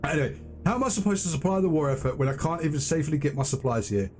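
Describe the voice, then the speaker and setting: A man's voice: on the high side, expressive, very fast, darkish tone, soft background music. A man streaming a fantasy game, chatting casually with viewers and reading quest text aloud. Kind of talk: live gameplay commentary.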